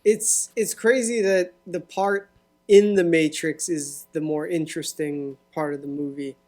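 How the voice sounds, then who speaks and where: A man with a slightly high voice speaks at a measured pace, faint music playing behind him. As a podcast co-host he chats casually and relaxedly, readily agreeing with his partner and offering plenty of mm-hmms.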